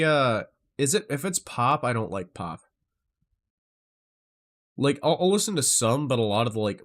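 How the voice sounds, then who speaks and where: A man streaming live, chatting casually with viewers and jumping between tangents, often excitable and swearing freely. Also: medium pitch.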